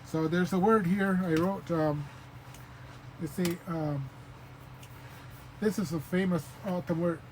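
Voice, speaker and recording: Patient high-voiced man teaching. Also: fairly even intonation, a little hiss or hum, low-quality recording. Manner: patient, repeats sounds slowly, many fillers. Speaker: language teacher. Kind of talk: informal spoken lesson.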